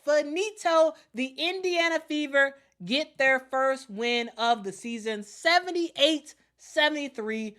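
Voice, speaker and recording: A woman's voice: high-pitched, animated, slow, hardly any pauses, sharp tone. Woman, basketball commentator, casual stream chat, repeats phrases. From Chicago. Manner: repeats herself, reads chat aloud, laughs often.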